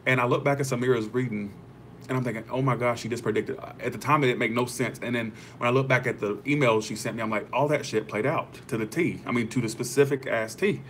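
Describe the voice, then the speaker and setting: A man's voice: mid-range voice, brisk, a bit bright, a little hiss or hum. A young man hosting a tarot livestream, chatting casually with viewers, rambling and swearing freely.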